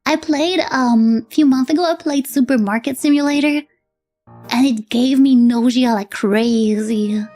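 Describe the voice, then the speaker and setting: A French-accented woman chats casually with her live-stream audience, giggling often as she reads and answers their messages. Her voice sits high, unhurried and mellow, with faint music in the background.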